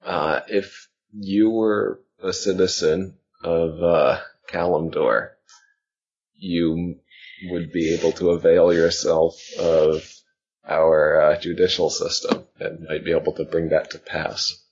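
A man with a very deep voice speaks in a slow, halting, formal diplomatic way during a tabletop game. His sound comes over a dull, lo-fi recording. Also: little pitch movement, darkish tone. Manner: halting, formal, many uh fillers. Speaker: game master.

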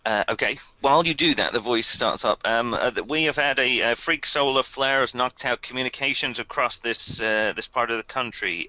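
A man's voice: mid-range voice, normal speed, hardly any pauses, pushed and bright, dry recording, highs cut off. A man narrating as game master of a tabletop game, hesitant and full of ums.

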